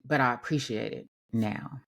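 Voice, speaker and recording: A woman's voice: very deep voice, normal speed, vocal fry. A woman with features hosting a podcast, speaking candidly and emotionally in a conversational monologue full of fillers. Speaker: podcast host. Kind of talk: personal reflective monologue.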